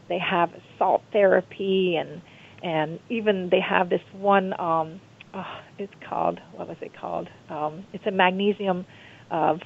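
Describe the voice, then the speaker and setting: Chatty woman author on a phone line, tinny sound, lots of "you know" and retelling stuff. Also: lowish voice. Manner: animated storyteller, repeats herself, many fillers. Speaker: guest author. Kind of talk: phone-in interview.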